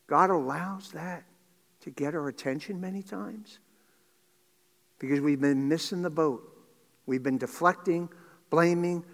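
A man's voice: a little high, gravelly. Earnest preaching man in a reverberant hall. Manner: earnest preaching, rising to loud intense passages, dropping to near whispers. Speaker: pastor. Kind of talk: sermon. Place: church sanctuary.

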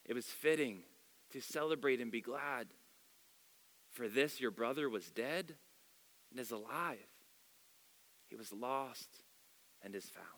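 A man voicing a compassionate father who speaks quietly and tenderly to his son. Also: medium pitch, takes it slowly, long pauses. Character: gentle, compassionate old father. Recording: long hall reverb.

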